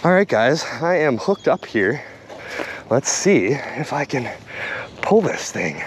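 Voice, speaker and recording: Man, outdoor vlogger, gravelly, pitch swinging widely, camera mic by the water, faint background noise. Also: big pitch swings, measured pace. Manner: upbeat, talks to viewers while straining to haul a load. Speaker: magnet fishing vlogger. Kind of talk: excited outdoor vlog narration. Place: outdoors on a kayak and shore by water. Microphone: action camera.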